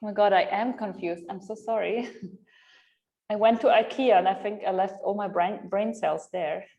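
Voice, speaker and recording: A woman's voice: mid-range voice, moderate pace, muffled recording. A woman in her thirties, a yoga teacher chatting with her online class, rambling and laughing often at herself.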